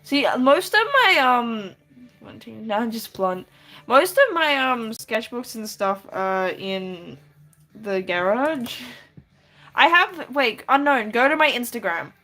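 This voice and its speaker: Woman streamer, slightly high voice, giggly and chatty, draws while she talks to chat. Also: lively intonation, slow, sharp tone. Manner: giggly, chatty, reads chat aloud and answers with many restarts. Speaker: live-streaming artist. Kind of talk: casual live-stream chat while drawing.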